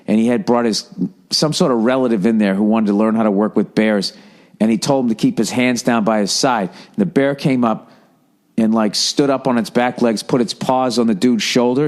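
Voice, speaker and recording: A man telling a story in a profane, animated comedic rant as a podcast host. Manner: animated, profane, mimics people in high voices.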